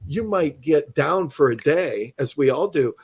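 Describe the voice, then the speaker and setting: Podcast host, male, husky and fairly high-voiced, emphatic, casual. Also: lively intonation, measured pace. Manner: emphatic, encouraging, says "dude" a lot. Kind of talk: casual interview chat.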